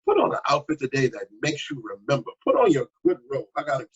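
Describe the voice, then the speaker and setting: A man preaching a sermon as pastor, animated and exhortative, breaking into sudden high exclamations. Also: quick pace, slightly rough, highs cut off. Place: at home.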